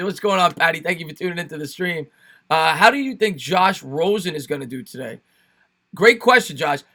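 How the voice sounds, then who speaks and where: A man's voice: high voice, bright, forceful tone. A young man with a New York accent hosting a casual sports live stream, chatting with viewers and thanking them by name.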